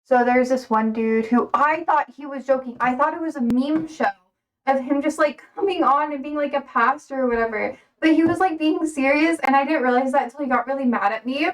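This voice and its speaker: A young woman with a high voice chats loosely on a livestream, rambling from one thought to the next with lots of fillers and quick laughs. She sits far from the mic, so her voice sounds set back.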